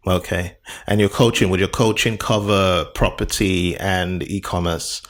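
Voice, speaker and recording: A man's voice: low-pitched, steady tone, measured pace, a bit bright. A man hosting a podcast in casual interview chat, upbeat and repeating words for emphasis. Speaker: podcast host.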